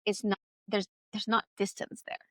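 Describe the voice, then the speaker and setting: A woman's voice: mid-range voice, flat delivery, normal speed, a bit bright, no echo, clean studio sound. A woman co-hosting a conversational Bible study podcast, speaking in an enthusiastic, affirming, chatty way. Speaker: podcast co-host.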